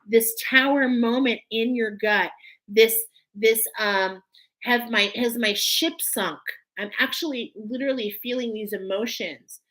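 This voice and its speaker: A woman's voice: fairly high pitch, measured pace, fairly bright tone, poor audio. A woman giving an emotional, earnest spiritual oracle card reading, teary at times.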